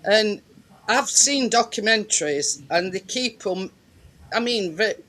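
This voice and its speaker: A man in casual group chat, speaking haltingly and repeating his words. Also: high-pitched, expressive, pushed and bright. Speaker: chat participant.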